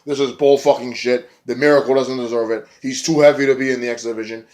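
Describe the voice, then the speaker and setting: A man's voice: medium pitch, quick pace. A man talking through a wrestling recap in a loose, rambling way. He gets worked up and swears freely, and he often trails off or restarts his thoughts. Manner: rambling, excitable, profane. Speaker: wrestling reviewer. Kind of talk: casual wrestling recap vlog.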